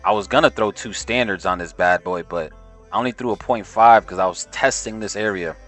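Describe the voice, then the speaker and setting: A man's voice: lowish voice, fairly quick, fairly bright tone. A man giving casual, slangy live trading stream commentary and talking to his chat. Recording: faint music behind voice.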